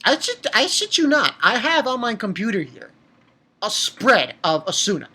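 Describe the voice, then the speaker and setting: A man casually recapping an anime episode in an excitable way, swearing and stumbling over fillers and restarts. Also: sits high, a little slow, slightly rough.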